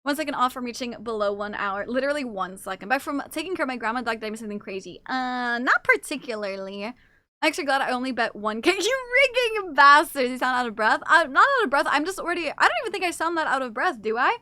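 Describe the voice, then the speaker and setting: A woman's voice: sits high, expressive, fast talker, pushed and bright, no room sound. A woman livestreamer chatting casually and playfully with her viewers, reading chat aloud and swearing now and then.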